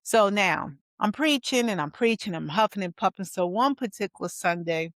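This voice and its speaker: A woman in her fifties, a pastor, telling her own story in a lively testimony style, acting out the people she quotes. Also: medium pitch, normal speed, no echo. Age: 50s. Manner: animated storytelling with acted-out quotes. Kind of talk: personal testimony vlog.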